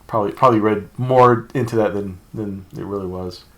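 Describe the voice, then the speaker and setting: A man's voice: fairly low pitch, a little fast, highs cut off. Male co-host, casual podcast chatter, rambling delivery with frequent self-corrections and laughs. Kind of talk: casual chat.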